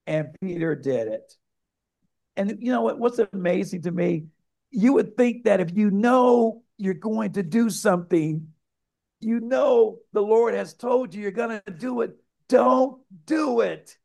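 A male pastor with a high-sitting, gravelly voice preaches unhurriedly. He tells a story with liveliness and addresses the congregation directly.

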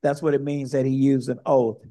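A male pastor preaching a sermon, telling a story in a lively way and speaking straight to the congregation. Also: medium pitch, normal speed.

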